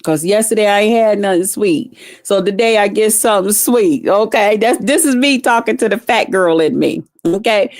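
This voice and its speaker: A darkish-toned woman at medium pitch rattles through casual profane stories at normal speed, hardly pausing, as she vlogs to camera for live viewers. Blunt and salty, she speaks right to her audience. The recording is dry and close-miked, with no room sound.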